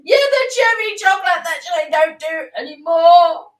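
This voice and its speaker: A woman's voice: extremely high pitch, normal speed, recorded from a distance. A woman co-hosting a live stream in casual, chatty talk. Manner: chatty, animated, teasing. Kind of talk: casual chat. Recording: echoey room, a little off mic.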